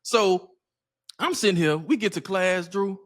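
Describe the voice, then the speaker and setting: A man's voice: sits high, unhurried, fairly bright tone. A man telling funny stories in casual podcast chat, laughing through his own punchlines.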